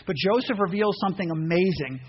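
A man preaching a sermon, animated, acting out voices and reading scripture aloud. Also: high-pitched, fairly quick. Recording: dull muffled sound with faint noise.

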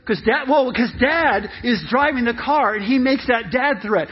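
A male pastor with a very high, husky voice, preaching with animated, emphatic storytelling. The recording is muffled and lo-fi. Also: normal speed, hardly any pauses. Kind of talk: lively sermon.

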